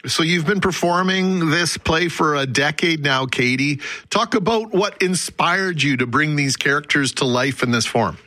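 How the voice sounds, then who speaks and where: Chatty radio co-host, slightly high voice. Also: male voice, moderate pace, few pauses, sharp tone, dry recording. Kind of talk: live radio interview.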